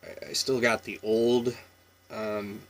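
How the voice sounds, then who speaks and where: A man's voice: fairly low pitch, slow pace. A man in his thirties from Washington State with a Washington State accent, talking casually through an accent tag with lots of ums and small laughs. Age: 30s. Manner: relaxed and rambling, many ums and chuckles.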